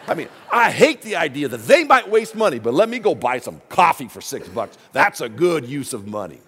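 A man preaching a sermon as the pastor, telling stories with his voice swinging from hushed asides to loud exclaims. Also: fairly high pitch, big pitch swings, a little fast, few pauses, breathy edge.

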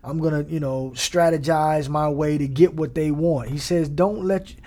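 A man's voice: on the high side, fairly even intonation, normal speed, few pauses, warm tone. A man delivering a conversational sermon, casual and emphatic, repeating lines for effect and mixing in slang. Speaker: preacher.

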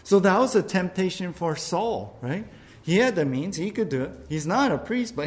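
Preacher, male, slightly high-pitched, chatty sermon delivery with playful asides. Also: expressive, moderate pace. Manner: conversational preaching, acts out quoted voices; repeats words, frequent "right?" asides. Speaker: pastor.

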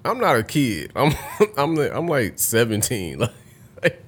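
A young man in casual podcast chat, telling stories full of swearing and breaking into loud laughter. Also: mid-range voice, wildly swooping pitch, a little slow, husky. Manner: profane storytelling, bursts into loud laughter.

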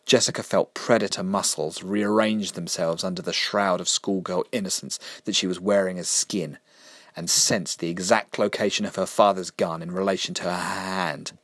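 Deep-voiced man reading a story. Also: steady tone, moderate pace, fairly bright tone, dry recording. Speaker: narrator.

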